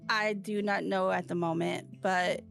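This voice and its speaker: Woman, casual chat, gravelly voice, halting with fillers, faint guitar music. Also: mid-range voice, fairly even intonation. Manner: chatty, halting storytelling with many fillers.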